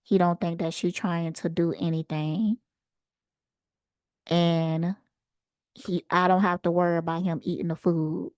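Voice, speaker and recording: A woman host casually telling a personal story in an unhurried, animated way. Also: fairly low pitch, dry recording, clean studio sound. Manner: unhurried, conversational, animated retelling. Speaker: channel host.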